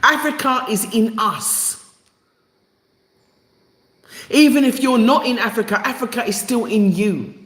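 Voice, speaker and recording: A woman's voice: fairly high pitch, unhurried, long pauses, a bit bright. A woman hosting a live stream to her viewers, talking emphatically and repeating phrases for effect. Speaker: channel host. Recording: echoey room.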